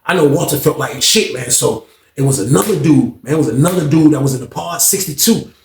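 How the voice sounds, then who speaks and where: Storyteller: a high-voiced, gravelly man, lively and profane, in a roomy space. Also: a little fast. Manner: animated, profane, laughs often. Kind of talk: casual storytelling.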